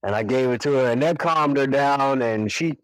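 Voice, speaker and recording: A man in his forties, a podcast guest telling a personal story in a relaxed, animated way, acting out what people said. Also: mid-range voice, moderate pace, dry recording, rough recording. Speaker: podcast guest, single father. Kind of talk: storytelling in casual conversation.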